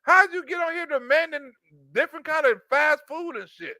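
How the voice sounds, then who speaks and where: A man rants in a comedic reaction, profane and animated, playing up mock outrage. His voice is high and bright, recorded dry and close to the mic. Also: brisk, no room sound. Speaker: commentator.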